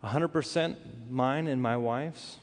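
A man preaching a sermon, telling a personal story with earnest, animated delivery and frequent restarts. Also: mid-range voice, unhurried. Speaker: pastor. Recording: hall reverb.

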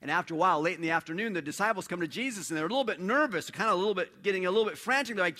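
A man preaching a sermon in an animated storytelling way, dropping to a hush and then rising loud. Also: high voice, very fast, hardly any pauses. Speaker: pastor.

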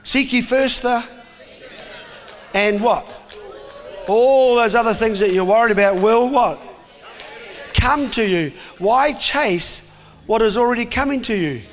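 A man's voice: extremely high pitch, measured pace, long pauses. A man preaching an emphatic sermon, putting questions to his congregation and acting out voices. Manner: emphatic, acts out voices, asks the crowd questions. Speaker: pastor. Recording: long hall reverb.

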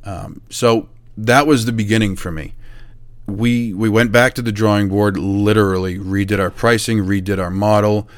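A middle-aged man with a low voice tells a story about his own business in a casual, lively way. He acts out both sides of the conversations he describes and laughs at his past mistakes. The recording is dry and close, with no room sound. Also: normal speed, no echo. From New Hampshire, USA. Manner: animated, acts out quoted exchanges, self-deprecating laughs. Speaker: chimney service business owner.

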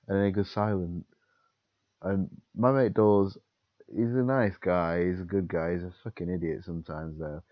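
A young man co-hosting a casual chat, telling animated stories and acting out quotes. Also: deep voice, a little slow, dry recording, highs cut off. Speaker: podcast co-host.

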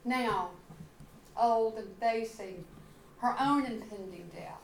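A woman pastor preaching a sermon, telling the story slowly and dramatically. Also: on the high side, gravelly, roomy sound, slight background noise, low-quality recording. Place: church sanctuary.

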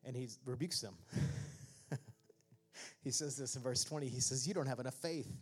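A male pastor preaching a sermon, joking with the congregation and then building to shouted exhortations. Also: medium pitch, moderate pace, breathy edge. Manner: swings from conversational asides to shouted preaching; jokey, laughs at own remarks.

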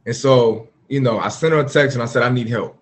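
A man's voice: mid-range voice, brisk. A man guest on a podcast, candidly recounting a personal story in an earnest, open way with frequent fillers. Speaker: podcast guest, former pro football player.

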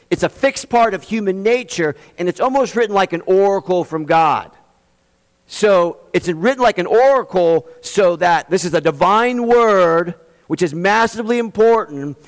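A man preaching a sermon as a pastor, emphatic, speeding up for asides and slowing to stress key phrases. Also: sits high, in a large hall. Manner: emphatic, shifts between quick asides and slow stressed phrases. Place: church in Austin, Texas.

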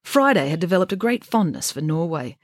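A woman's voice: lowish voice, very animated, brisk, dry recording, studio quality. A woman reading her own children's novel aloud for a podcast, switching between voices for each character.

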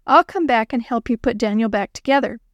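A woman's voice: on the high side, brisk, no echo, clean studio sound, close to an everyday voice. A woman voicing a flustered girl babysitting unruly children, earnest and exasperated.

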